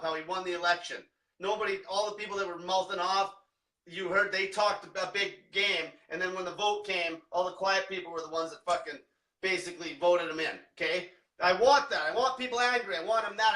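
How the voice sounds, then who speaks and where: Brash high-voiced man ranting profanely. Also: pushed and bright, distant mic. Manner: brash, swears constantly, combative. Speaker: diet coach. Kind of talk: profane livestream rant. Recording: echoey room, away from mic.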